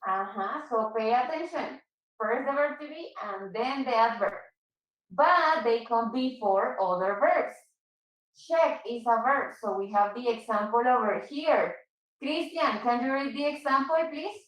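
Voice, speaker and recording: High-voiced woman teaching English in an echoey room. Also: expressive, measured pace, distant mic. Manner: patient, switches to Spanish to explain. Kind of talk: online English class.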